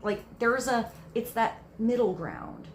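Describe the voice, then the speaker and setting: A woman's voice: a little high, expressive, takes it slowly, roomy sound, slight background noise. A woman giving a casual tarot reading, musing aloud in a rambling way with many fillers. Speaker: tarot card reader.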